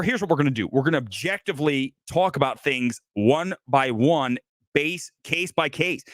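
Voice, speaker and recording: A man's voice: a little high, fairly bright tone, no echo, clean studio sound. A man hosting a live movie talk show, ranting angrily and sarcastically with lots of swearing. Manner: angry, profane, sarcastic ranting; mocking put-on accent in quotes. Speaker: host. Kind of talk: heated movie rant, live stream.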